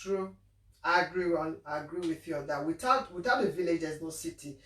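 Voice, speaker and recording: Woman host, Igbo Nigerian accent, animated chat, echoey room. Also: sits low, a little fast. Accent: Nigerian Igbo English. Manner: animated, repeats words, laughs often. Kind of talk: casual discussion. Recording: echoey room, mic at a distance.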